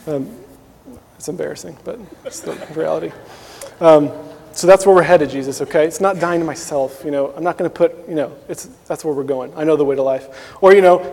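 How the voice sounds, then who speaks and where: A man's voice: on the high side, normal speed, darkish tone, in a large hall. A man giving a sermon as a pastor, in a conversational manner, often asking listeners questions and adding "right?".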